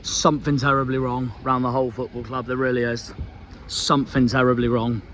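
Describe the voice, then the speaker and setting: A man's voice: medium pitch, level tone, a little fast, fairly bright tone, a little hiss or hum. A man, a football fan vlogger ranting outdoors by a marina, angry and despondent, with swearing. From South West England. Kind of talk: fan rant vlog.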